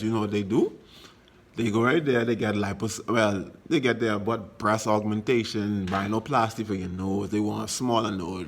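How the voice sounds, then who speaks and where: A middle-aged Bahamian man giving a casual motivational monologue, emphatic and repetitive, telling stories as he goes. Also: lowish voice. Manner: emphatic, repetitive exhortations, storytelling. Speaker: vlogger.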